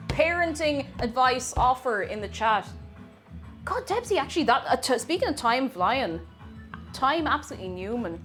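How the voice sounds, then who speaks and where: A woman's voice: high-pitched, sing-song, measured pace, pauses often, soft background music. A young Irish woman streaming from her home kitchen, chatting casually, rambling through asides and reading viewer messages aloud. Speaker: streamer baking live.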